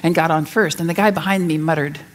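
A woman speaking to an audience, telling a story in an animated, laughing way. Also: sits low, quick pace, very noisy.

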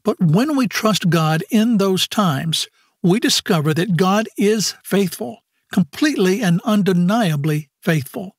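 A male program announcer giving a measured, scripted closing announcement. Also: high voice, lively intonation, dry recording, clean studio sound.

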